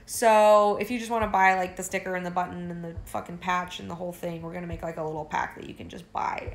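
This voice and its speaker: A woman's voice: fairly low pitch, level tone, brisk, creaky, few pauses. A woman talking casually to her viewers from home late at night, rambling and swearing, her sentences full of "like" fillers. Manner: rambling, profane, with many "like" fillers. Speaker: content creator.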